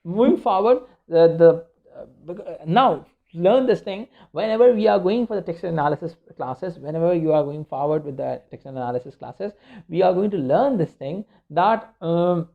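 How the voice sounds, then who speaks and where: Gravelly man giving a rambling lecture. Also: high-pitched. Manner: rambling, many fillers and restarts. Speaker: media studies teacher. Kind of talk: informal recorded lecture. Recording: dull lo-fi recording.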